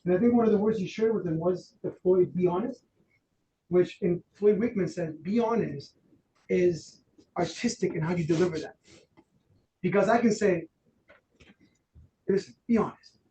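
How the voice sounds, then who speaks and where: A man running a real estate training workshop, loose and animated, acting out quotes with plenty of fillers. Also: high voice, normal speed. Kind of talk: workshop talk. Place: training room. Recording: roomy, distant, faint noise.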